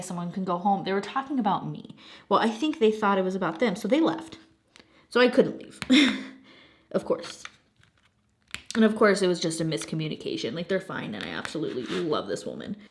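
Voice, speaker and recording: Animated woman telling a work story. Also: medium pitch. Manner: animated storytelling with swearing and laughs. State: slightly snuffly from a cold. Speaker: craft channel host. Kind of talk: casual chat while diamond painting.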